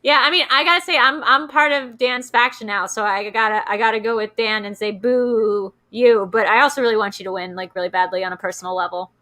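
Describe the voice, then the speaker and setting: A woman's voice: fairly high pitch, steady tone, fast, hardly any pauses, sharp tone, low-quality recording. A young woman hosting a casual chat, rambling with lots of fillers. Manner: chatty, rambling with many fillers. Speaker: host.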